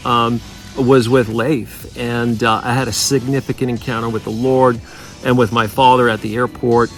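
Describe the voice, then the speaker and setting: Halting man sharing a testimony. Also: medium pitch, little pitch movement, faint music behind. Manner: halting, full of fillers and restarts. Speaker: ministry leader. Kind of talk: casual spoken testimony.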